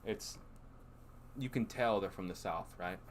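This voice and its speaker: A man's voice: deep voice, unhurried, a little hiss or hum. Joking man chatting on a live stream. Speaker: co-host. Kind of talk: casual live-stream chat.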